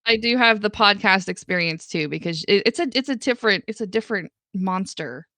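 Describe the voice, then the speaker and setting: A woman guest chatting on a live stream, hedging her points and laughing often. Her voice has a gravelly fry at a middle pitch. The sound is dry and close. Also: brisk, bright, forceful tone, dry recording. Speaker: co-host guest. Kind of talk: casual chat.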